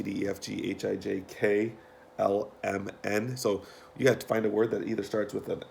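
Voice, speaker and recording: A man's voice: on the low side, vocal fry, darkish tone, slight background noise. A man teaching, recording patient instructions for his students at home, with frequent ums and restarts. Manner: patient, repeats himself, many ums and restarts.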